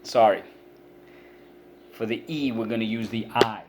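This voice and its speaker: A man's voice: on the low side, fairly even intonation, measured pace, noisy background. Patient man teaching a vocabulary lesson. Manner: patient, explains words with many examples and restarts.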